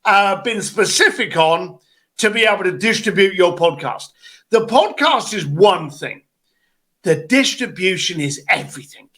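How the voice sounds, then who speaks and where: Brief: high, bright-voiced male coach, blunt and animated, video call. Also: a little slow. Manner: blunt, animated, acts out quotes. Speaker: business coach.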